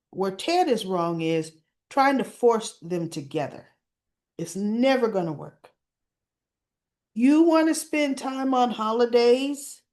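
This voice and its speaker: A woman recaps soap opera episodes in a relaxed, conversational way, with a voice of average pitch. She speaks slowly and without hurry, quoting the characters and then breaking off to give her own take. She clears her throat now and then. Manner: retells scenes in quotes, stops to add her own opinions; slow, unhurried delivery with frequent throat clearing. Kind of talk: casual recap and commentary.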